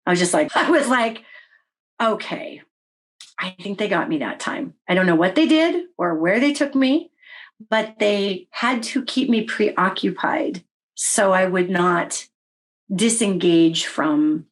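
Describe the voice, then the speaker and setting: Woman, middle-aged, interview guest, casual storytelling, wry, animated, average pitch. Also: unhurried. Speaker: interview guest recounting experiences.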